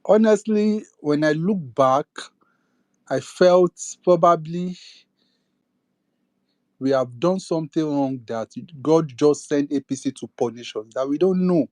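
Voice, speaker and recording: Young man, Nigerian accent, impassioned rant, emphatic, slightly high voice, dry close sound. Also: expressive, unhurried, darkish tone, dry recording. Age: young adult. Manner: indignant, rhetorical questions, emphatic. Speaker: speaker in an online audio space.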